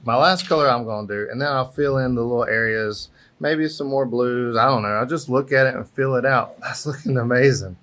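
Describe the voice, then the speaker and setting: A man talks through a relaxed hands-on craft lesson, chatty and encouraging as he thinks out loud. He is outdoors on a breezy patio. The sound comes from the camera's own microphone. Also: medium pitch, fairly quick, few pauses. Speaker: airbrush artist teaching a craft. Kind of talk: casual craft tutorial.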